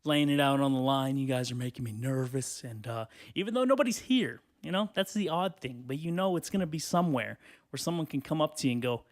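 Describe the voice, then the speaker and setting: A man hosting a solo podcast from a hot bedroom, rambling casually with lots of swearing and filler, a little out of breath and clearing his throat. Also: medium pitch, lively intonation, a little fast. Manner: rambling, profane, lots of "you know". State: out of breath and sweaty, standing. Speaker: podcast host.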